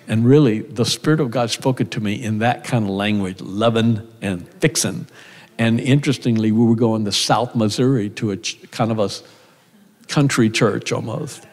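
A man's voice: lowish voice, darkish tone. An older man preaching a sermon with folksy, conversational storytelling in a church. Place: church sanctuary. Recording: church hall reverb.

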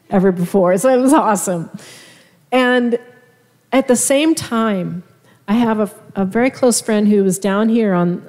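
A woman giving a halting, heartfelt testimony in a church. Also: mid-range voice, a little mellow. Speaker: minister's wife. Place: church sanctuary. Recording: church hall reverb.

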